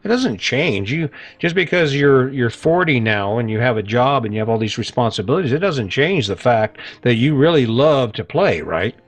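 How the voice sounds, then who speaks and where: A man's voice: medium pitch, animated, moderate pace, few pauses. A man hosting a casual motivational podcast in a folksy, chatty way, often tagging his points with "right?". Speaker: podcast host. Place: lives in an RV.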